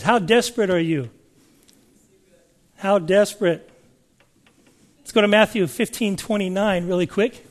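Male preacher, high pitch, emphatic, scripture reading with rhetorical questions. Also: unhurried, pauses often. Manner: emphatic, asks the listeners questions, reads scripture aloud. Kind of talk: sermon.

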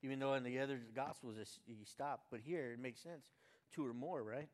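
An older man reading a Bible passage aloud, then musing on it in a folksy, conversational way, rising to loud fervent cries and dropping to quiet asides. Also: medium pitch, fairly quick. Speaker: Bible reader and preacher. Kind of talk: informal devotional Bible reading and reflection. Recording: long hall reverb.

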